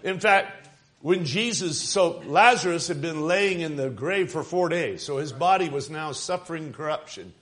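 Emphatic preacher man, higher voice. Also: animated, normal speed, a bit bright. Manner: emphatic, rising and falling for emphasis, calls out to the congregation. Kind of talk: sermon.

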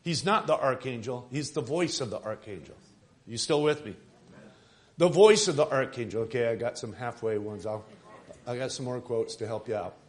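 A man preaching a sermon, stressing phrases with swings of loudness and calling out questions to the congregation. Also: mid-range voice, animated, normal speed. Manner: emphatic, rising and falling for emphasis, calls out to the congregation.

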